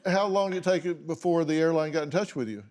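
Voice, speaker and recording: Man hosting a talk show, higher voice. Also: darkish tone. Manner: probing, quick questions. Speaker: host. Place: TV studio.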